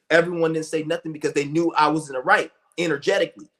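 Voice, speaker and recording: A young man streaming a loose, profane rant, his voice sitting a little high for a man. He restarts sentences constantly and piles on fillers as he circles his point. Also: fast talker, pushed and bright. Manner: blunt, profane, rambling with many restarts and fillers. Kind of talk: ranting monologue.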